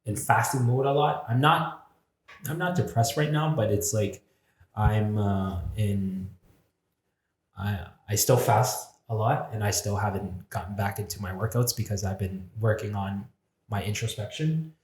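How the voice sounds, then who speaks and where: Candid low-voiced man in a roomy space. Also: unhurried. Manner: reflective and candid, swearing freely, acting out his own inner voices. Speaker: podcast guest. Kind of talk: candid conversational storytelling. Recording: roomy echo.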